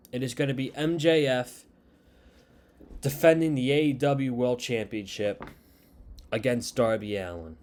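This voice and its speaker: A man casually recapping a wrestling show, retelling scenes and quoting lines in a slow, unhurried way. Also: medium pitch.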